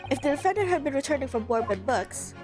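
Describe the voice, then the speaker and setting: A woman's voice: high-pitched, sing-song, fast. A woman voicing an earnest young male defense lawyer in a formal manner, over game music.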